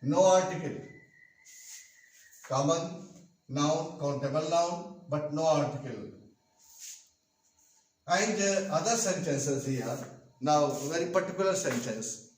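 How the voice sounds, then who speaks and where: An older man from India, a retired English teacher, explaining grammar slowly at a whiteboard with an Indian English accent and many hesitant pauses. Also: a little high, darkish tone, a little hiss or hum. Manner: slow, repetitive explaining with frequent hesitations. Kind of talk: classroom grammar lesson. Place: classroom with whiteboard. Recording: echoey room, far from the mic.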